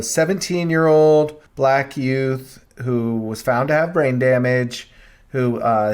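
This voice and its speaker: A young man co-hosts a casual podcast and talks through stories in an earnest, reflective way. He often thinks aloud with small pauses, at an ordinary middle pitch. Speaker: podcast co-host. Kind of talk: casual chat.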